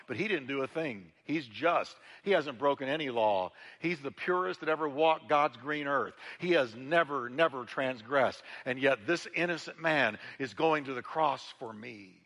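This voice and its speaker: A male pastor preaching a sermon to his congregation, swinging between loud emphasis and hushed, intimate passages, often repeating words as he builds. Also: medium pitch, expressive, moderate pace, hardly any pauses, in a large hall. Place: church sanctuary.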